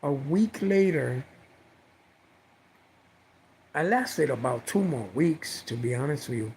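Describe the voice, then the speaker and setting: A man's voice: a little high, lively intonation, takes it slowly, creaky, darkish tone, a little hiss or hum, low-quality recording. A man casually telling a personal story on a livestream, rambling, repeating himself and swearing now and then.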